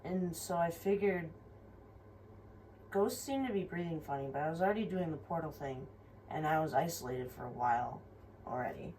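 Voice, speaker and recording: A young woman vlogger tells a personal story frankly and ramblingly, swearing often and using lots of fillers. Her low-pitched voice is expressive and darkish, at normal speed. The mic is somewhat distant, with faint room noise.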